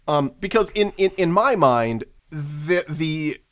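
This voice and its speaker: A man co-hosting a casual film podcast with a slightly high voice. He walks through the plot easily, pausing on fillers and restarts. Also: lively intonation, fairly bright tone. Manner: easygoing, recaps plot with hesitant fillers. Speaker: podcast co-host. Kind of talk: casual comedic movie chat.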